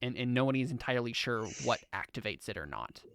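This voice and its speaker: A man's voice: medium pitch, animated, fast talker, gravelly, crowd noise. A young man running a tabletop game as game master, explaining the lore in a rambling way with lots of restarts.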